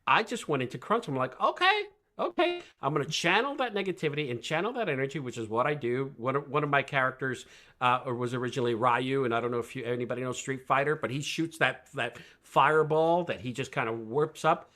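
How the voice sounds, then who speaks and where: Energetic man with a bright, forceful voice. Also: medium pitch, fast talker. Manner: energetic, emphatic, keeps asking "right?"; rhetorical questions, animated storytelling. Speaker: guest, coach. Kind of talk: podcast conversation.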